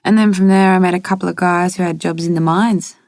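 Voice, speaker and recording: A woman's voice: lowish voice, steady tone, quick pace, a little mellow, no room sound, clean studio sound, natural voice. A woman reading as a laid-back young man. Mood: easygoing.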